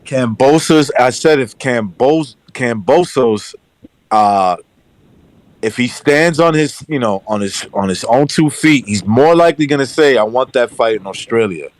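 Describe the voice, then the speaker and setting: A man's voice: medium pitch, animated, unhurried, no echo, poor audio. A male co-host with an ordinary mid-range voice who jumps in with teasing remarks and talks over the others. He talks in a plain, everyday way. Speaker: podcast co-host. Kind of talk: casual chat.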